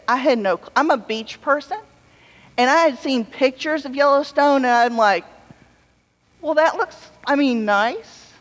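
A woman preacher giving a sermon in a relaxed, conversational way, telling stories with humorous asides. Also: fairly high pitch. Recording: long hall reverb.

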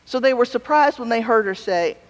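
A woman's voice: a little high, animated, fairly quick. Woman preaching in an echoing hall. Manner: conversational storytelling with humorous asides. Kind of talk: sermon. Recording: long hall reverb.

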